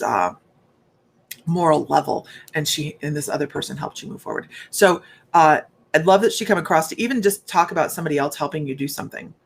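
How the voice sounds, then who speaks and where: A woman's voice: low-pitched, gravelly, a little hiss or hum. A woman working as a psychic medium, giving a rambling, chatty live reading and talking straight to her viewers.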